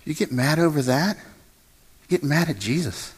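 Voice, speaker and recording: A man's voice: on the high side, expressive, unhurried, breathy edge. A man preaching a sermon as pastor, earnest, repeating his phrases and asking the congregation to say lines with him. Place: church sanctuary. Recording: long hall reverb with faint music.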